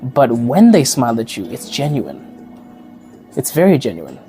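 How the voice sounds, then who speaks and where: A man's voice: medium pitch, wildly swooping pitch, moderate pace, warm tone, soft background music. A man from Africa who hosts a podcast, chatting casually to the camera, laughing often and acting out the people he quotes. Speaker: podcast host and teacher.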